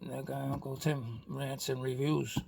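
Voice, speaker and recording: A man's voice: medium pitch, little pitch movement, a little slow, gravelly, darkish tone, slight background noise. A man from Boston with a Boston accent, chatting casually and rambling in a vlog. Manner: rambling, chatty, frequent "you know what I mean". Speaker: toy car customizer vlogger.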